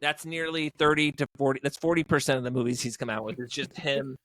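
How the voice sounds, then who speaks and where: A man's voice: mid-range voice, flat delivery, fast, hardly any pauses, a bit bright, a little hiss or hum. A man co-hosting a podcast, chatting casually about movies in a rambling, jokey way with lots of fillers. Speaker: podcast co-host. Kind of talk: casual movie review chat.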